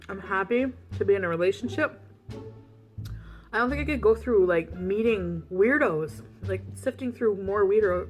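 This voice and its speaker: A woman vlogger telling a story in casual, frank chat, laughing often and saying "like" a lot. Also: mid-range voice. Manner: chatty, laughs often, heavy use of "like"; frank and animated retelling.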